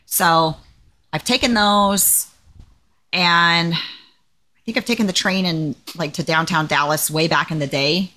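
A woman in her forties co-hosting a casual podcast, telling stories with lively acted-out dialogue. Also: lowish voice, a little slow, pauses often. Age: 40s. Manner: animated storyteller, acts out quoted exchanges. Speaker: podcast co-host. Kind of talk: casual chat. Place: living in Hawaii.

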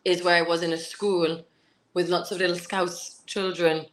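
This woman in her twenties, a Gibraltarian-accented pageant contestant, is an interview guest who laughs while telling stories in a casual chat. She speaks at a normal speed in a lowish voice with a level tone.

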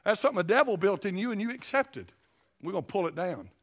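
Man, middle-aged, preacher, high voice, folksy, emphatic. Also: very animated, fast. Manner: folksy, emphatic, repeats phrases. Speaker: pastor. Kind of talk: sermon.

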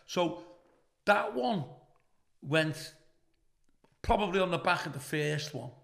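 With a gravelly, fairly high voice at a moderate pace, a middle-aged guest comedian from Liverpool tells stories in casual chat. He has a Scouse accent, swears freely, and turns animated when quoting others.

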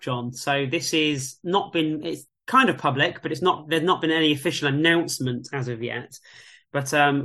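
A man chats casually as a radio guest. His voice is bright and a little high, and he tells stories with animated, quoted voices. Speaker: guest, music venue tech. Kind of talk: casual chat.

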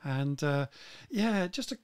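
A man's voice: a little high, lively intonation, slow pace, smooth, no echo. A man hosting a live-stream talk show, chatty and full of praise for his guest.

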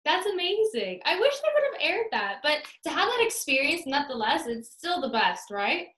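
A woman's voice: high voice, big pitch swings, moderate pace, fairly bright tone. A woman hosting an interview, asking upbeat, encouraging questions in casual chat. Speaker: interview host. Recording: echoey room.

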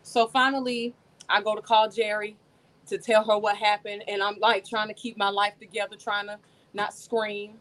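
A woman telling her own story on a video call from home, animated and addressing her listeners as y'all. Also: medium pitch, moderate pace, rough recording. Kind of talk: casual testimony to an online audience.

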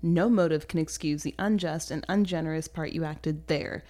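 A woman reading the lines of a sharp-tongued young woman rejecting a proposal, in a measured, cutting, formal delivery. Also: sits low, natural voice.

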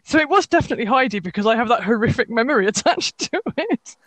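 A woman's voice: a little high, animated, quick pace, a bit bright, no room sound. A woman from England in her forties, co-hosting a podcast in casual, giggly storytelling chat. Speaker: podcast co-host.

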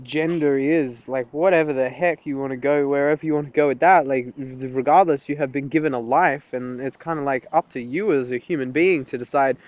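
A young man giving a casual solo monologue, rambling and animated, swearing freely and laughing often. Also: mid-range voice, a little fast, few pauses. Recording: tinny phone-like audio.

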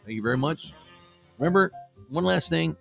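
Gravelly, lively-voiced man telling a story. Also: on the high side, moderate pace, soft background music. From Iowa, USA. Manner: chatty, playful, self-mocking humor with quoted dialogue. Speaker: storytelling show host. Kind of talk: casual spoken storytelling.

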